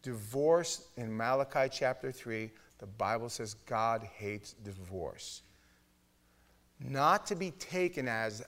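Man, middle-aged, pastor, sermon, blunt, emphatic, mid-pitched voice. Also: expressive, slow pace. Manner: emphatic, blunt, swings between loud and hushed. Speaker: pastor teaching a Bible study.

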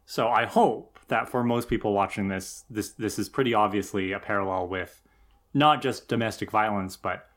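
A man's voice: lowish voice, moderate pace, a bit bright. A man co-hosting a podcast, giving thoughtful, analytical commentary on an episode. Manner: thoughtful, analytical, some restarts. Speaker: podcast co-host. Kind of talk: casual critical discussion.

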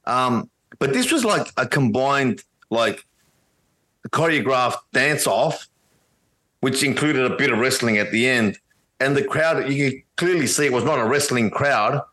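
A man's voice: mid-range voice, expressive, measured pace, sharp tone, low-quality recording. Profane ranting man on a podcast. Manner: blunt and heavily profane ranting. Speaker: podcast co-host. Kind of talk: casual chat, wrestling review.

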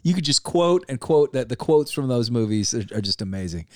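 A man co-hosting a podcast in casual chat, enthusiastic and quick to agree. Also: medium pitch, expressive, a little mellow. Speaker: podcast co-host.

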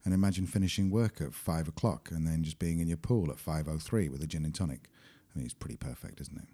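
A man's voice: rumbling low, fast, dark tone. A man in his forties co-hosting a podcast, chatty and jokey in casual conversation. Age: 40s. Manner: chatty, jokey and self-mocking. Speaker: podcast co-host. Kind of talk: casual chat.

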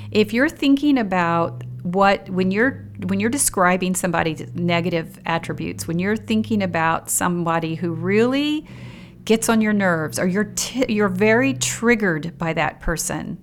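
Reflective woman podcaster, lowish voice. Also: a little hiss or hum. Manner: reflective, addresses the listener directly with questions. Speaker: podcast host. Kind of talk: solo podcast talk on personal growth. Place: home studio in a basement spare bedroom.

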